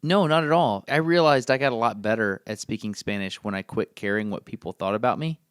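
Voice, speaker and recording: A man's voice: lowish voice, fairly quick, smooth, no echo, clean studio sound. An American man co-hosting a podcast, telling stories in a casual chat and laughing often. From United States. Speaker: podcast co-host.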